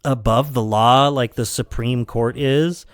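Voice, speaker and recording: A man's voice: mid-range voice, fairly even intonation, measured pace, no room sound, clean studio sound. A man hosting a podcast in casual chat, rambling with many fillers and frequent laughter. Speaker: podcast host.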